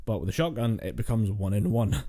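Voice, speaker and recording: A young man co-hosting a podcast, telling stories in animated, casual chat, laughing often and acting out what he said. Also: lowish voice, fairly quick. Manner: animated storyteller, laughs often, acts out quotes. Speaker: podcast co-host.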